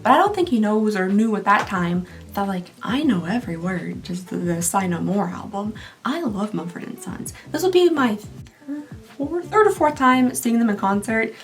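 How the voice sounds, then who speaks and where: A woman's voice: mid-range voice, lively intonation, normal speed, soft background music. A woman, chatting casually while doing her makeup. She rambles and laughs often, and her voice is getting tired. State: losing her voice. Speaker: beauty vlogger.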